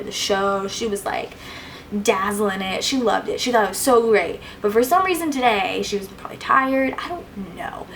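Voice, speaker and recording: A woman's voice: medium pitch, fairly bright tone, slight background noise, poor audio. A young woman answering viewer questions in a casual vlog, chatty and gushing, with plenty of "like"s and fillers. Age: young adult. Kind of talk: casual Q&A chat.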